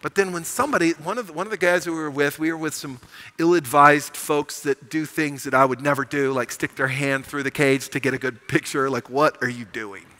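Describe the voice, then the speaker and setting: A man's voice: a little high, fairly even intonation, a little fast, bright, forceful tone, low-quality recording. A middle-aged man preaching a sermon as pastor, telling a story with animation and building to emphatic proclamations. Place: church sanctuary.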